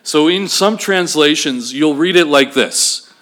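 Male pastor, animated sermon delivery, slightly high voice, asks the congregation questions. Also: a little slow.

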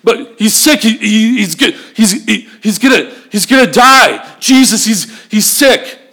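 A man's voice: sits high, animated, measured pace, pushed and bright, voice pushed up, full character voice. A man voicing a middle-aged Roman centurion who stammers and repeats himself in a panic. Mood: panicked. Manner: stammering, frantic repetition.

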